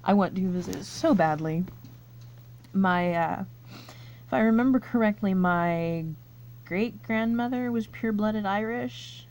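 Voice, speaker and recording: A woman's voice: medium pitch, a little slow, darkish tone, a little hiss or hum. A woman reading quiz questions aloud and thinking through her answers in casual, chatty commentary, laughing often. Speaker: YouTuber taking online quizzes.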